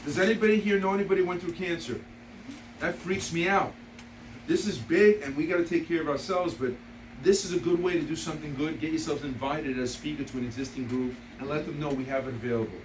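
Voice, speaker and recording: Man in his 50s, sales trainer, bit high-pitched, animated storyteller, recorded from afar in a roomy, noisy room. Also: quick pace, far from the mic. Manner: animated storyteller, laughs through anecdotes; blunt, repeats key points. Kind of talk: motivational sales training talk.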